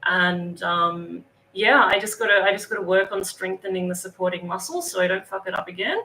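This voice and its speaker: In poor audio, an Australian woman hosting a livestream from her northern Thailand home chats casually and greets viewers by name. Her lowish voice comes out a little fast, pushed and bright.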